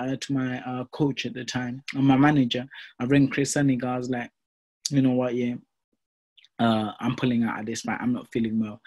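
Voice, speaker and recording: A young man, a professional boxer, telling his career story in a casual interview, animated and full of fillers like "you know" and "mate". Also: mid-range voice, slightly rough.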